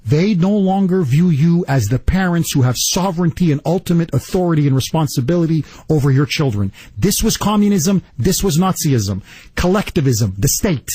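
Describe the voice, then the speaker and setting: Indignant and rapid-fire, this talk radio host delivers a political monologue in a fairly high, slightly husky, mellow voice with wide pitch swings. The sound is dry, close and free of room sound.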